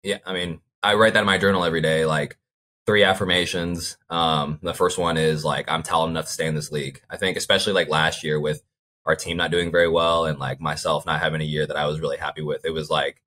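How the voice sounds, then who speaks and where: A man's voice: extremely low pitch, flat delivery, fast, sharp tone, slight background noise. A young man as an interview guest, talking in a laid-back way, full of fillers and "like". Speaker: guest athlete. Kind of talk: casual interview chat.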